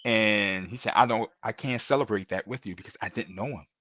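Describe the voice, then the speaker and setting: A man's voice: fairly low pitch, a little fast, pushed and bright. A middle-aged man, a podcast guest, telling earnest and emotional stories in a casual interview, often repeating himself and calling the host bro.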